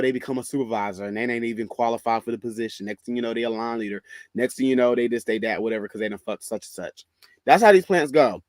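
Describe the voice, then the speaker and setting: Southern guy doing a storytime, sassy and cussing a lot, dry close sound, middle pitch. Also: no echo. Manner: animated, profane, sassy, calls listener "bitch" and "girl". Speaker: vlogger telling a story. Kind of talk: casual storytime monologue.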